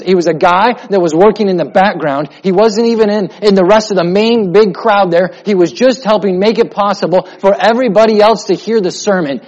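A man, a pastor, preaching a sermon with emphatic repetition and a steady build toward his point. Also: sits high. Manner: emphatic preaching with repetition, drops to a soft voice in prayer. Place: church sanctuary. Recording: muffled sound in a reverberant hall.

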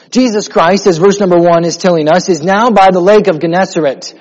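A man, a pastor, preaching a sermon with emphatic repetition and a steady build toward his point. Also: high voice, fairly quick, hardly any pauses. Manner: emphatic preaching with repetition, drops to a soft voice in prayer. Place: church sanctuary. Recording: muffled sound in a reverberant hall.

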